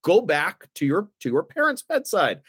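A man, a guest on a podcast, telling stories in a casual, animated way and acting out the other people's lines. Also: high-pitched, normal speed, slightly rough, no room sound, clean studio sound. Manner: animated anecdotes, acts out the other voices. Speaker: guest, former aldermanic candidate. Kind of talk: casual storytelling.

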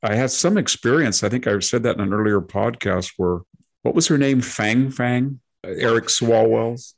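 A man's voice: mid-range voice, moderate pace, vocal fry. A man speaking as a guest in a casual interview, telling long, digressive anecdotes and acting out the quotes.

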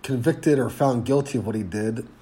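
A man's voice: mid-range voice, moderate pace, mellow. A congested man with barely any voice left, hosting a casual sports podcast. He rambles along, with plenty of ums and false starts. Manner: rambling, frequent ums and restarts. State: congested, losing his voice. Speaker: podcast host.

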